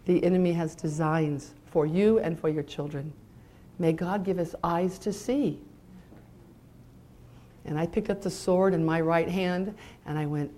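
A middle-aged woman from California, giving an emotional Christian testimony to an audience as a mother, moving between bright emphasis and hushed intensity. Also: mid-range voice, moderate pace. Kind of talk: sermon-style personal testimony.

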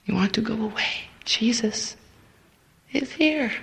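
A middle-aged woman preaching an emotional sermon to a women's retreat, fervent and stammering, dropping into hushed near-whispers. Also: on the high side, takes it slowly, a little hiss or hum, poor audio.

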